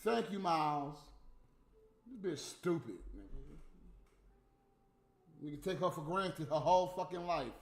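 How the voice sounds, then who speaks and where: High-voiced cursing man ranting. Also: unhurried, pauses often, echoey room. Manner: blunt, cursing, exasperated. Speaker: livestream host. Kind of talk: profane off-the-cuff rant.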